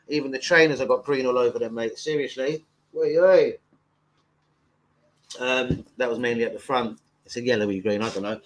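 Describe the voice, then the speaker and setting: A man's voice: mid-range voice, moderate pace. Male streamer, casual and profane, mid-range voice. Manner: chatty, sweary, rambling. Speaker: football fan live streamer. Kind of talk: casual live stream chat.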